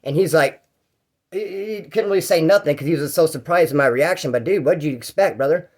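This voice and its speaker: A man from Bakersfield, California, rattles off prison stories at a quick clip in a slightly high voice. He talks in a rambling, profane way and acts out both sides of every exchange. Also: a little mellow. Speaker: storyteller recounting prison life. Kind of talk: casual storytelling vlog.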